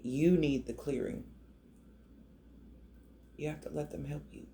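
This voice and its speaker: A man with a gravelly, mellow voice gives a tarot reading in a loose, emotional, conversational way, often restarting his sentences. A faint hiss of background noise sits under his voice. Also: fairly high pitch, a little slow. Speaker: tarot reader. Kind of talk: casual tarot reading to camera.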